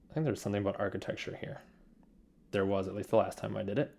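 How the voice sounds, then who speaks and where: A man's voice: lowish voice, level tone, brisk, vocal fry, a little mellow, lo-fi sound. A young man walking through his computer setup in a casual, rambling screencast, with lots of fillers and repeated words. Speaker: software developer demonstrating his setup.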